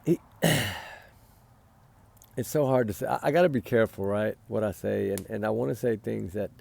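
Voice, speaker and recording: This tired man comments casually on a missing-child case, rambling through his opinions and often tacking on "right?" His voice sits on the low side with vocal fry and a slightly mellow quality, at a normal pace. He sighs and yawns along the way.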